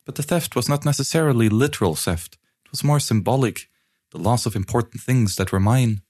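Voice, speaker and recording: A man voicing a troubled, intense woman in an audiobook, his voice pushed higher and strained for her. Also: fairly quick, a little mellow, breathy edge, lightly acted. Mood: puzzled. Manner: strained, raising pitch for her. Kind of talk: audiobook reading.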